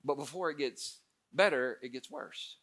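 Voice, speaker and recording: A male pastor preaching a sermon, animated, moving between loud bursts and hushed passages. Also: medium pitch, moderate pace.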